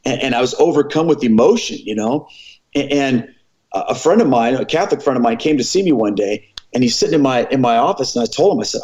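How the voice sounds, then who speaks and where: Middle-aged man, former pastor, lively storyteller who plays out dialogue; ordinary pitch, slightly muffled sound. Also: fast talker. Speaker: former pastor, podcast guest. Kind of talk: personal storytelling in a conversation.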